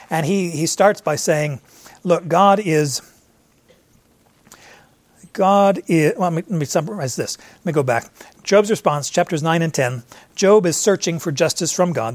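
A man's voice: on the high side, no room sound. A man teaching a conversational Bible study, working through verses, often restarting phrases and paraphrasing the characters. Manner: explains verse by verse with frequent restarts and paraphrased quotes.

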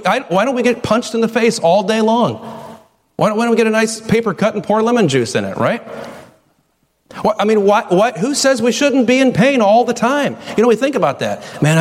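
A man's voice: high voice, in a large hall. A middle-aged male pastor preaching a sermon in a conversational way, full of rhetorical questions.

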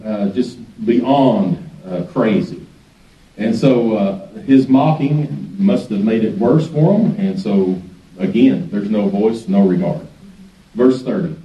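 Man, folksy sermon, heard from afar, echoey church, muffled sound. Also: on the low side. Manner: folksy, storytelling, chuckles often. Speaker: guest pastor. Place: church sanctuary. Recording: echoey sanctuary, distant dull mic.

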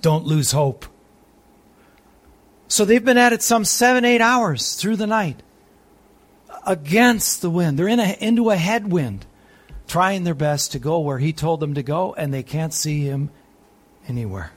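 A man teaching a Bible sermon who swings between excited, emphatic high points and hushed, soft reflection, reading scripture aloud and asking his listeners questions. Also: unhurried, long pauses. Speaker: preacher.

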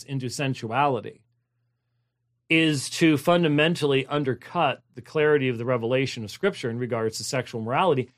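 A man's voice: mid-range voice, fairly bright tone. A man preaching a sermon, explaining a Bible passage in an emphatic, digressive way, with many fillers and restarts and key phrases repeated. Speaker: pastor. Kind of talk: sermon-style Bible exposition.

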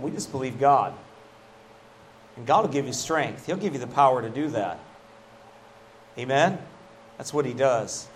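A man's voice: mid-range voice, a little hiss or hum. A middle-aged man preaching a sermon as pastor, folksy and emphatic, often dropping a casual "man" into his lines.

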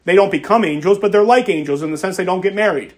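A man with a fairly high voice preaching from the pulpit. He reads scripture aloud, then presses his point by repeating key phrases with emphasis. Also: quick pace. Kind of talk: expository sermon.

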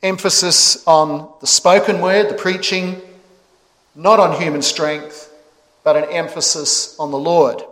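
Measured preacher in an echoey hall. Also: male voice, on the high side, steady tone, fairly bright tone. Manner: measured, emphatic delivery with pauses. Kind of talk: sermon. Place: church sanctuary.

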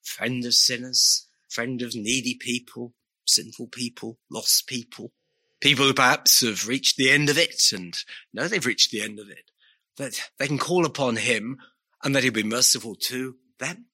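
Male preacher, bright ringing tone, earnest, asks pleading questions throughout a sermon. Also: mid-range voice, normal speed.

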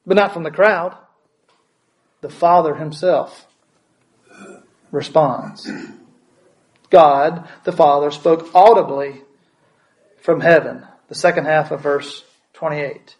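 Man, pastor's sermon, fairly high voice, asks questions, repeats words. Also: slow, pauses often, a little mellow, low-quality recording.

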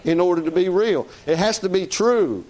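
A man's voice: sits high, lively intonation, moderate pace, darkish tone. A man preaching a sermon in a folksy, conversational way, often asking "Amen?".

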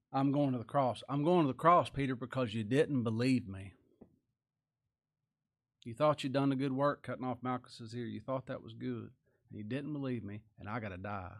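A male preacher delivering a sermon in plain, folksy speech. He pushes some lines out loud and high, then drops to a low, quiet aside. His voice sits at an ordinary middle pitch. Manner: folksy plain-spoken grammar, reads scripture aloud.

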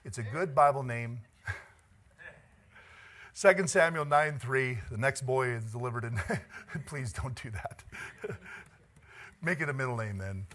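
A man's voice: medium pitch, animated, slow pace, pauses often, fairly bright tone. A middle-aged man preaching a conversational sermon as pastor, chatty and joking, laughing often and moved by the text.

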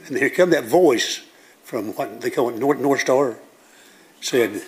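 A man's voice: medium pitch, a little slow. An older man preaches a sermon from the pulpit. He tells stories in a plain, folksy manner with country grammar, the way a pastor talks to his own congregation.

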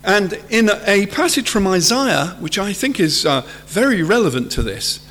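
A man with a high voice delivers an earnest sermon. He reaches even higher when he acts out a terrified figure. His words ring out with a long hall reverb behind them. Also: moderate pace. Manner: earnest, rises high to act out quoted fear. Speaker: preacher.

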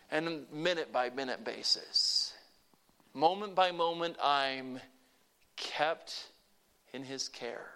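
A man preaching a sermon to a congregation, earnest and conversational, rising to emphatic peaks and dropping to soft, quiet asides. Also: sits high. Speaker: pastor.

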